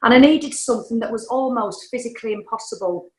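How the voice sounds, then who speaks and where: A woman's voice: a little high, fast. A middle-aged woman, a podcast guest telling her story in a frank, chatty way and swearing casually. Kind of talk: candid storytelling. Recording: echoey room.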